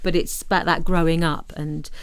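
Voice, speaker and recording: A woman's voice: deep voice, flat delivery, normal speed, smooth, dry recording. A woman co-hosting a podcast, chatting casually about an old film and often restarting her sentences. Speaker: podcast co-host.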